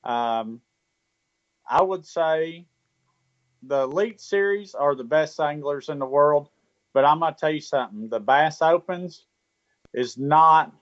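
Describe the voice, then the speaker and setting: A man's voice: a little high, measured pace, pauses often, no room sound, highs cut off. A man who fishes tournaments, talking easygoing and plainspoken in casual chat. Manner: easygoing, plainspoken, repeats "I'm telling you". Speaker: tournament angler guest host.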